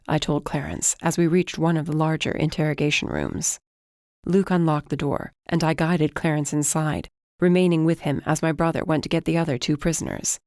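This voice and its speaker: An audiobook narrator reading a first-person fantasy novel in an even, measured way. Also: mid-range voice, vocal fry, dry recording, clean studio sound.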